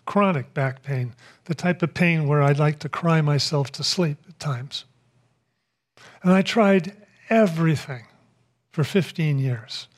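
A man giving a spiritual talk, telling a personal story in a reflective, unhurried way with pauses. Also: on the high side. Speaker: speaker.

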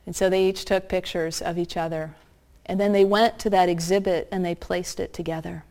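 A woman preaching a sermon, telling a story earnestly and slowing down to stress key points. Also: lowish voice, steady tone, dark tone. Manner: earnest, slows down for emphasis.

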